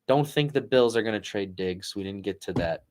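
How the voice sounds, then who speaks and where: A man's voice: on the low side, animated, moderate pace, darkish tone. A man co-hosting a casual sports podcast, rambling with lots of "like" and laughing at his own stories. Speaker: podcast co-host.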